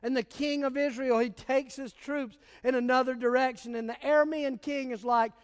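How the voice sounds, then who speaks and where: A man's voice: extremely high pitch, fairly even intonation, moderate pace, smooth, in a large hall. A man preaching a sermon as pastor, telling stories in a casual, emphatic way.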